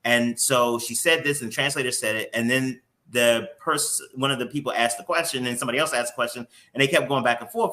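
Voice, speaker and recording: A man's voice: medium pitch, quick pace, few pauses, bright, forceful tone. A man hosting a morning show interview who talks candidly and openly emotionally, with some casual swearing.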